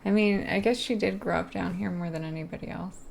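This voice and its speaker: A woman's voice: mid-range voice, fairly even intonation, quick pace, vocal fry, darkish tone, a little hiss or hum. A woman from the US East Coast, chatting casually and rambling as she answers her live viewers' questions. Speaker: live streamer.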